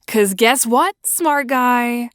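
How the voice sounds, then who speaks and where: A man's voice: very high voice, extremely slow, a bit bright, smooth, dry recording, studio quality, voice pushed up, heavily acted. A man voicing a sardonic woman near forty in a fan audio drama, breathless and sarcastic. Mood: exasperated. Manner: sarcastic, exasperated.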